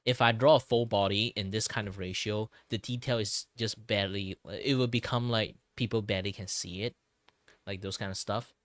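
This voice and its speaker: A young man whose first language is Cantonese, chatting casually while drawing, rambling with many fillers and restarts, his low voice tired from talking a lot. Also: a little fast, dry recording. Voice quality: low, relaxed tone. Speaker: streamer.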